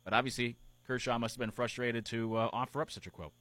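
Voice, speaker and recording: Male sports radio host, mid-pitched and chatty, dry close sound, thinks out loud. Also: fairly even intonation, fast, no echo. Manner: conversational, musing aloud with relationship analogies. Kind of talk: casual sports talk commentary.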